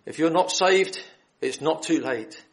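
In a hall, a lay preacher reads scripture aloud, then earnestly and directly appeals to his listeners to embrace the gospel. His voice is fairly high and unhurried.

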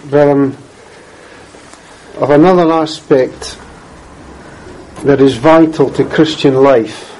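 A man reading scripture aloud and then preaching, in a measured, earnest way, often clearing his throat. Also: a little high, a little mellow, a little hiss or hum, poor audio.

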